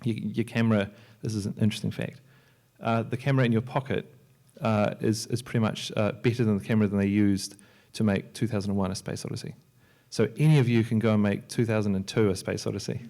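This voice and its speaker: Speaking fast, a male software entrepreneur and filmmaker delivers a relaxed, jokey panel talk at a conference in a library lecture hall. His voice is low-pitched. He stumbles a lot, restarting sentences and leaning on fillers.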